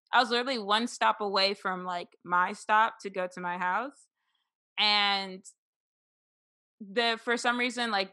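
A woman co-hosting a podcast, telling stories in casual chat, animated, swearing freely and laughing often. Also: mid-range voice. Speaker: podcast co-host.

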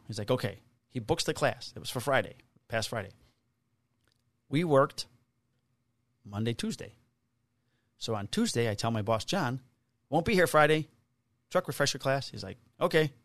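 A middle-aged police officer co-hosting a podcast casually recounts a work story, swearing freely and raising his voice to act out the people he quotes. His voice is medium pitch, with no room sound.

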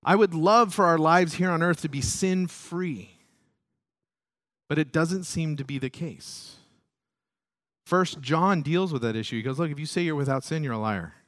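A male pastor preaching a sermon, climbing loud and high when stirred, then dropping low and soft, and acting out prayers and quoted voices. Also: moderate pace, dry recording, clean studio sound.

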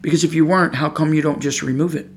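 Man, podcast sermon, fired up, repeats himself, raised pitch, rough gravelly tone. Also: quick pace, slight background noise. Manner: excitable, fired-up preaching. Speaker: preacher.

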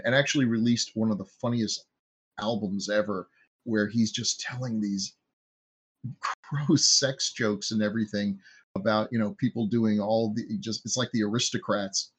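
Male podcast co-host, low husky voice, wry. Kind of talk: casual chat.

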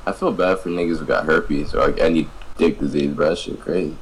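Blunt young man, very deep voice. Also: a little fast, vocal fry, slight background noise, poor audio. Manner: blunt, joking interjections. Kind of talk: casual chat among friends.

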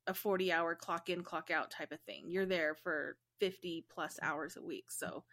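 A woman's voice: lowish voice, steady tone, normal speed, a bit bright. A woman co-hosting an interview show, chatting casually and relating to her guest. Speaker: co-host. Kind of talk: casual chat.

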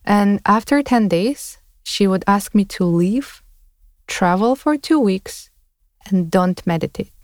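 A woman's voice: mid-range voice, animated, slow pace, darkish tone, no echo, studio quality. A woman hosting a podcast, talking in a thoughtful, casual way and laughing often. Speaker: podcast host. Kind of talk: casual conversation.

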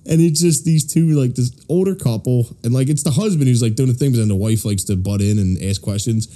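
Young philly dude on a podcast, low mellow tone, cussing his way through a long story. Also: a little fast. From Philadelphia. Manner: swearing, rambling anecdotes, acts out quotes. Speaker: podcast host. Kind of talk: casual chat, storytelling.

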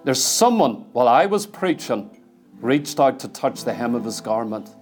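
A man's voice: mid-range voice, very animated, normal speed, faint music behind. A man preaching a sermon in a fervent, repetitive cadence, leading a congregation into worship. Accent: Northern Irish.

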